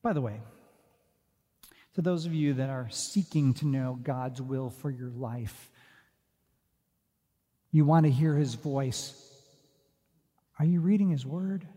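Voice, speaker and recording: A man preaching a sermon as pastor. He talks earnestly, drops to hushed, quiet phrases and then builds to emphatic declarations. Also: medium pitch, takes it slowly, long pauses. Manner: earnest, shifts from soft hushed asides to rising emphatic declarations. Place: church sanctuary. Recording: long hall reverb.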